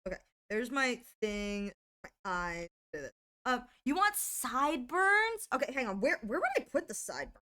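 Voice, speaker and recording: High-voiced giggly woman streamer. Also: big pitch swings, moderate pace, bright, forceful tone, clear, resonant tone. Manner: giggly, breaks into helpless laughter, talks to chat while drawing. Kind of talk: casual live art stream chat.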